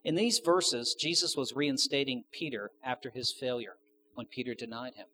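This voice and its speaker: A man's voice: mid-range voice, moderate pace, pushed and bright. Male pastor with a mid-range voice, preaching in an easy, joking way and asking his listeners questions, with faint noise behind him. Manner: conversational with joking asides; asks the audience questions. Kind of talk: sermon.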